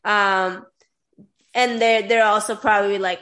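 A woman's voice: mid-range voice, a little slow, a bit bright. Giggly rambling young woman host. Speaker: interview host. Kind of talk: casual interview chat.

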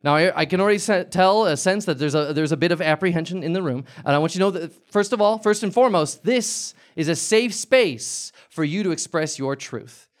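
A man hosting a comedic talk show live on stage, rambling and halting with sudden eager bursts. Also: on the high side, lively intonation. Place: live stage before an audience.

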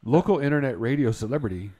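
A man's voice: medium pitch, fast. A man co-hosting a casual morning show, teasing his partner. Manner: teasing, lively sidekick. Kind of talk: casual radio banter.

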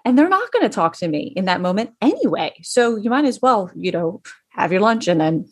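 A woman's voice: medium pitch, very animated, a little fast, slightly rough. A middle-aged woman in casual advice talk, speaking as a school educator to parents, chatty with many fillers and restarts.

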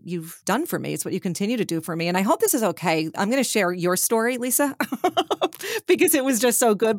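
A woman co-hosting a podcast, speaking to her friend in an affectionate, quick conversational way with frequent laughs. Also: lowish voice, dry recording, studio quality. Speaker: podcast co-host. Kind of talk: heartfelt conversation.

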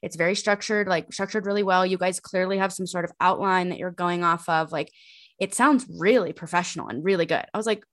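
A woman's voice: lowish voice, brisk. A young woman in her twenties co-hosting a podcast, telling a rambling story full of fillers and laughs. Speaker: podcast co-host. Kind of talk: casual chat.

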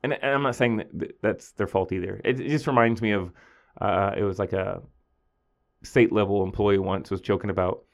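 A man, a high school teacher telling a story in a casual podcast monologue, acting out his students in a higher voice. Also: steady tone, normal speed, creaky.

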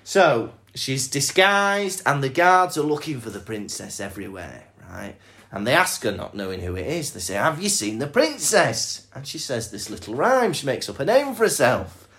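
A young man co-hosting a podcast, narrating a fairy tale in a playful, animated way. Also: mid-range voice, normal speed, hardly any pauses. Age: young adult. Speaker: podcast co-host. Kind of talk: casual storytelling chat.

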